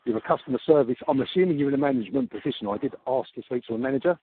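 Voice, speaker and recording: A man making a heated complaint on a phone call, halting and repeating himself in exasperation. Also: medium pitch, huge pitch swings, vocal fry, breathy edge, no echo. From Australia. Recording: tinny phone-call recording with hiss.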